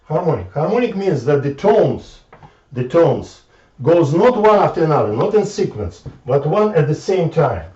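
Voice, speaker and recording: A man lectures informally, halting and circling back over his words as he works through his ideas. His voice is fairly high but mellow. It comes from far off in an echoey room on a dull, lo-fi recording. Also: very animated. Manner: halting, repeats words, thinks aloud at the board.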